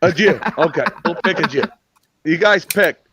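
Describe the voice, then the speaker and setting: A man in casual chat who tells a joke, animated and laughing at himself. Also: a little high, normal speed, a little hiss or hum.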